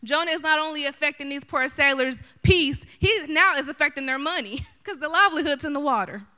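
A middle-aged woman preacher giving a sermon, animated and chatty, talking straight to her listeners. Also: sits high, fairly quick. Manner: animated, chatty, addresses the audience directly.

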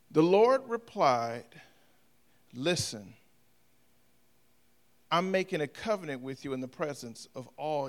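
A man preaching a sermon, talking straight to the congregation with humor and swinging from soft asides to shouting. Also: mid-range voice. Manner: humorous, talks to the congregation directly. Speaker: pastor.

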